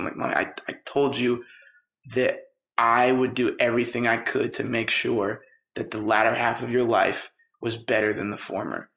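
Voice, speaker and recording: Gravelly man telling a personal story. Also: mid-range voice, moderate pace. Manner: lively, quotes people in dialogue. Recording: roomy echo with faint music.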